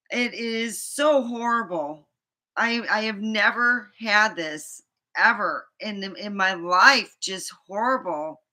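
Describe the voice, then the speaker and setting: A woman's voice: medium pitch, sharp tone. A woman vlogger ranting to the camera, frustrated, rambling and swearing often. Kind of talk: venting to camera.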